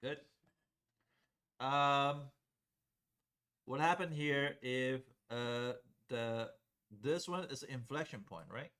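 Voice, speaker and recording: At a whiteboard, a man lectures a calculus class, talking through the steps in a conversational way and frequently asking if students are keeping up. His medium-pitched voice is a bit bright, and he speaks slowly with long pauses.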